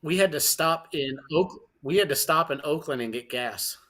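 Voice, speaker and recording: A man co-hosting a football podcast, chatting in a relaxed, wry way. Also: a little high, moderate pace. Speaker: podcast co-host. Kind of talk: casual chat.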